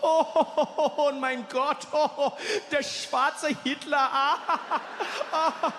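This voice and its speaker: A man's voice: high-pitched, brisk, in a large hall, background noise, natural voice. A man putting on a jolly, teasing German male friend with a German accent who keeps tagging questions onto his lines. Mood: gleeful teasing.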